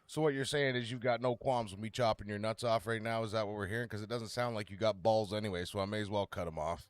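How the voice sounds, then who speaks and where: A man's voice: on the low side, fairly even intonation, fast, no room sound. A man playing a tabletop game, speaking in character with crude, menacing threats. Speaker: player.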